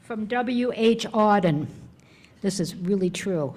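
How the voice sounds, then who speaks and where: A woman's voice: mid-range voice, slow pace. Effusive woman at a club ceremony. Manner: warm and effusive, exclaims often. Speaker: outgoing club president. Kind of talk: officiating and accepting gifts at a club meeting.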